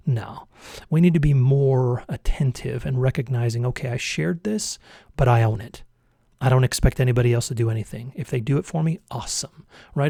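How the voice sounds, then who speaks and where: Earnest rambling man with a mellow voice. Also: fairly high pitch, vocal fry, no echo, studio quality. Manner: earnest, rambling, with frequent self-corrections. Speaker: vlogger. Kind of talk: casual motivational monologue.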